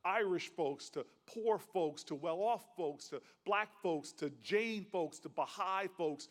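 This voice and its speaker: A man's voice: high voice, measured pace. A man giving an impassioned political speech at a conference, rousing and rhythmic with repetition and folksy storytelling. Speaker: senator giving a keynote. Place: large conference hall. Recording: long reverb of a large hall.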